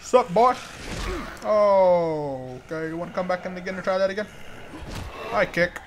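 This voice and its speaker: A young man commentating a zombie game as he plays, joking around, humming along and yelling in panic when attacked. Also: high voice, normal speed, background noise. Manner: jokey, shouts and yelps in panic, hums along. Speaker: gamer. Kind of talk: let's play commentary.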